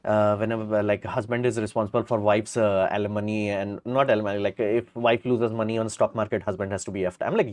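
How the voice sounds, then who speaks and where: A man's voice: fairly low pitch, steady tone, quick pace, few pauses, a little mellow. A middle-aged man, hosting a casual live stream and answering viewer questions in a blunt, rambling way full of fillers.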